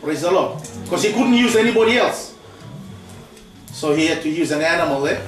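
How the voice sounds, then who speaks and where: Preacher in an echoey hall. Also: male voice, on the high side, expressive, fairly quick, soft background music. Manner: peppers speech with "praise the Lord" and "eh?". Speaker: pastor leading mission training. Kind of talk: preaching sermon. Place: church hall. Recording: echoey church hall, mic far off.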